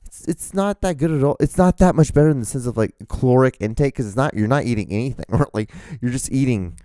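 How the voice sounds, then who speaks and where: A man's voice: medium pitch, expressive, fast, warm tone, no room sound, studio quality. A man hosting a casual solo podcast, rambling, swearing and poking fun at himself. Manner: rambling, profane, self-mocking. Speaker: podcast host. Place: indoors, rain outside. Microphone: microphone, host wearing earphones.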